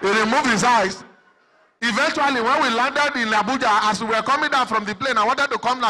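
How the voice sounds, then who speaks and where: Bright-voiced Nigerian man doing stand-up in a reverberant hall. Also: very high-pitched, quick pace. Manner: animated storytelling, acting out characters with shouts. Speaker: comedian and MC. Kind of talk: stand-up comedy at a live event. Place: large indoor event hall. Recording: long reverb of a large event hall.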